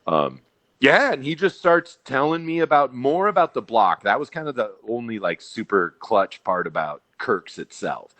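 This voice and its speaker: A man from Montana, co-hosting a podcast, tells a rambling, animated story in casual chat and acts out the dialogue. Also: medium pitch, normal speed, no room sound. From Billings, Montana, USA. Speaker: podcast co-host.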